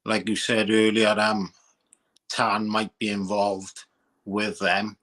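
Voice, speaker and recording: A man speaking as a guest on a fan podcast, hesitant, with frequent pauses and restarts. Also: lowish voice, completely flat delivery, a bit bright. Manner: hesitant, many ums and restarts. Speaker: panel guest. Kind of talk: casual chat.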